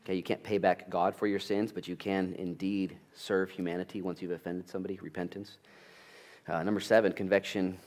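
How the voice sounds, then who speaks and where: A male pastor preaching a sermon, telling family stories with lively acted-out dialogue. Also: sits low. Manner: animated storytelling, acts out family dialogue.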